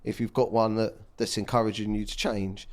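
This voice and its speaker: A deep-voiced man talks openly as a podcast guest. His delivery is blunt, emotional and full of casual swearing, with a low pitch throughout. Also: little pitch movement, a little fast. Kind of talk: candid casual chat.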